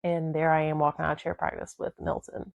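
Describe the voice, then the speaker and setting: A woman's voice: low-pitched, completely flat delivery, fairly quick, vocal fry, dry recording. A young woman casually telling her own life story, candid and rambling, with many fillers. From southern United States.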